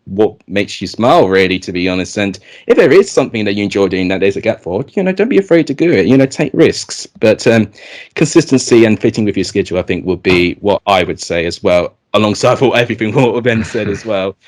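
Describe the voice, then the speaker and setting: A man's voice: lowish voice, lively intonation, fast. A young man hosting a casual football chat, talking in a chatty way with lots of fillers. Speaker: host of a football channel chat.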